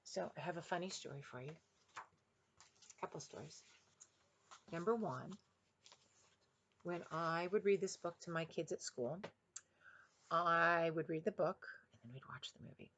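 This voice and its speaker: This woman, once a kindergarten teacher and now reading picture books, rambles amiably after a read-aloud, using a headset mic. Her fairly low voice is a little slow, with long pauses and sudden bursts of excitement. There's slight background noise.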